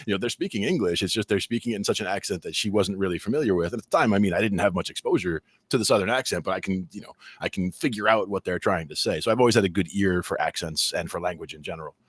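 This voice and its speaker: A man from New Jersey with a New Jersey accent, co-hosting a podcast in casual chat and telling lively stories. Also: sits low, breathy edge, no echo. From New Jersey, USA. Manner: animated storyteller, acts out quoted voices. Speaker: podcast co-host.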